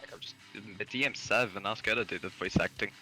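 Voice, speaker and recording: A man's voice: fairly low pitch, fast talker, pushed and bright, soft background music. A man streaming a game, reading its lines aloud in playful, theatrical put-on accents between casual chat. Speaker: streamer voicing a dating-game character.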